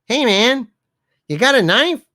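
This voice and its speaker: Wisecracking sidekick guy, a man putting on the voice, super bright and swoopy, dry sound. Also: sing-song, a little slow, no room sound, full character voice. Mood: joke-telling. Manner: joke-telling with big pitch swings. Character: Harvey, a wisecracking male sidekick puppet.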